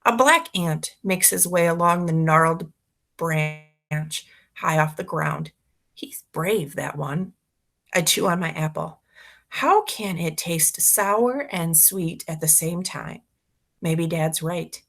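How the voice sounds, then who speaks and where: A woman's voice: low voice, slow pace, gravelly, fairly bright tone. A woman reading a children's story aloud expressively, narrating as a boy. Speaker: reader for schoolchildren.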